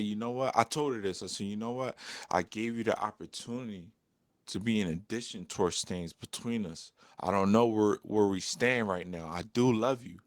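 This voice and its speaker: A young man talking candidly to camera in a personal vlog, frank and profane, getting animated when he vents. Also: fairly low pitch, no echo, clean studio sound. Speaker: vlogger.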